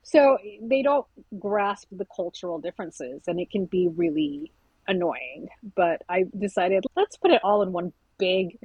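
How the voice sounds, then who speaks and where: A woman's voice: mid-range voice, measured pace, vocal fry, husky, dry recording, muffled recording. A woman author talking candidly in an interview, telling stories and acting out quoted remarks. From South Asian family. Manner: candid, animated storytelling with quoted asides. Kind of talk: conversational interview.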